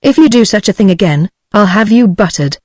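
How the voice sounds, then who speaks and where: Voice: mid-range voice, a little fast, no room sound, clean studio sound, pitched above the performer's own voice, lightly acted. Text-to-speech voice reading a fussy impatient old king. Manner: flat synthetic reading.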